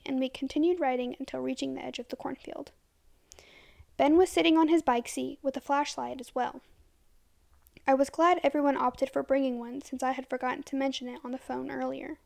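A woman storyteller reading a first-person horror story aloud, soft-spoken and unhurried. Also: high voice, gravelly.

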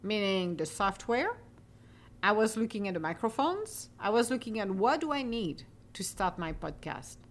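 Upbeat woman podcaster from Europe, casual motivational chat, mid pitch, laughs easily. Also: a little hiss or hum. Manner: chatty and upbeat, laughs often, slows into calm affirmations. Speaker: podcast host.

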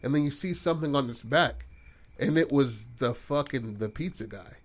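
A man's voice: mid-range voice, normal speed. A man hosting a podcast who tells an improvised story casually, rambling with lots of swearing and restarts. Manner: rambling and profane, full of fillers and restarts. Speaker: podcast host telling a story.

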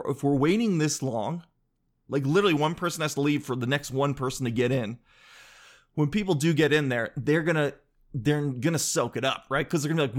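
Joking male host with a slightly high voice who rambles, breaks off mid-sentence and swears casually. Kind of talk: casual comedic storytelling monologue.

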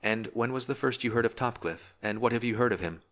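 Man putting on a kindly steady gentlewoman, gentle probing questions, lifted pitch, audiobook. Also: quick pace, lightly acted. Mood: calm.

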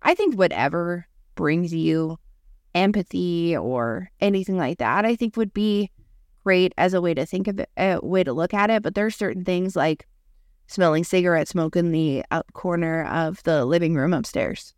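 Recorded in a clean studio with no echo, a woman with a lowish voice talks at a moderate pace. She's a podcast host recounting a personal story in a relaxed, chatty style, using "like" over and over.

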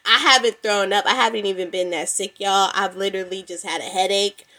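A young woman talks through her solo podcast in a loose, chatty way, calling her listeners "y'all." Her voice sounds congested and a bit stuffy. Her pitch sits in the middle range. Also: steady tone, a little fast, pushed and bright. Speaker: podcast host. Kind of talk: casual solo podcast talk. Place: at home.

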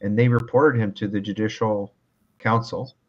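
A man from Canada with a very low voice talks law in a calm, measured way, often restarting his sentences as he builds an explanation. The audio sounds a little dull and lo-fi, like a remote connection. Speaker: lawyer guest. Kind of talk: casual interview talk.

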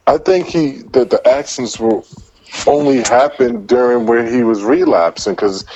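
A man's voice: mid-range voice, measured pace, darkish tone, muffled recording, a little hiss or hum. A man in casual hip-hop talk, opinionated and emphatic, with plenty of swearing.

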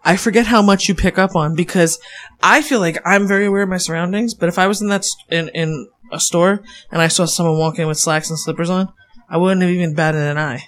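A woman's voice: lowish voice, steady tone, a little fast. A woman in casual chat, teasing her partner and chiming in as the story is told.

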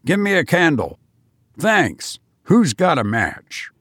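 A man reading a story aloud, voicing a bold man who leads his friends with brisk commands. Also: fairly high pitch, huge pitch swings, a bit bright, husky, no room sound, studio quality, voice pushed up, full character voice. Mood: commanding. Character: bold, brisk man leading a ghost hunt. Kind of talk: audiobook character voice.

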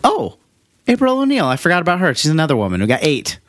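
A man's voice: on the high side, wildly swooping pitch, fast, fairly bright tone, dry recording, studio quality. A man co-hosting a podcast in casual chat, rambling and joking with lots of fillers. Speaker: podcast co-host.

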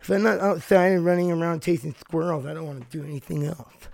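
A man's voice: a little high, quick pace, vocal fry, a little mellow, dry recording, voice pushed up. A man voicing his pampered female dog as a whiny, fussy diva.

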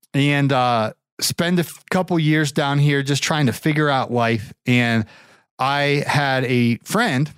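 Casual male storyteller from Ohio, rambling and lively, dry close sound. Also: dry recording. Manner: rambling, animated, pitches up for quoted voices. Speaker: show regular telling a story.

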